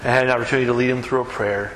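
A man preaching a sermon as a pastor, telling a story with lively rises in pitch when he gets excited. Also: racing, background noise. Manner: animated storyteller, voice climbs high when excited. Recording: echoey hall with long reverb and faint ambience.

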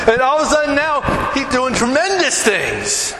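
Middle-aged male pastor, bright and high-pitched, animated sermon delivery with questions to the congregation; roomy hall reverb. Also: normal speed, slight background noise. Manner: animated, acts out little scenes and quizzes the congregation. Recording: echoey hall with long reverb.

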